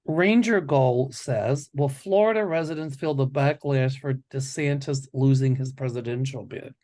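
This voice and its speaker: A man's voice: mid-range voice, unhurried, darkish tone. A man hosting a psychic predictions show, talking in a rambling, confident, casual way. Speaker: psychic host.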